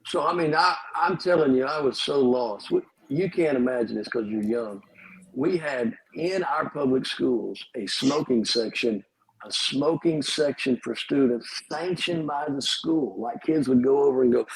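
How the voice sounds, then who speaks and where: A man's voice: medium pitch, normal speed, slightly rough, low-quality recording. A middle-aged pastor, telling his life story as a podcast guest with humorous, wry asides.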